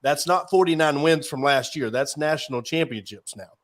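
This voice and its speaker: A man's voice: on the high side, normal speed. Man asking long rambling questions. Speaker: podcast host. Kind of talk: casual interview talk.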